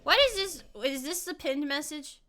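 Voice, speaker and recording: A woman's voice: high-pitched, moderate pace, bright, forceful tone. A young woman streaming a game, rambling and giggling as she chats with her viewers. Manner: rambling, giggly, talks to chat while playing. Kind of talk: casual gaming stream chat.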